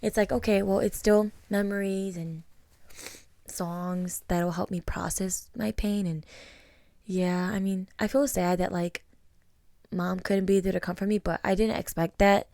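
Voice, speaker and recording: A young woman co-hosting a podcast, talking in a soft, reflective way with many fillers. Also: medium pitch, steady tone, unhurried, creaky, no echo, clean studio sound. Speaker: podcast co-host. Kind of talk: casual conversation.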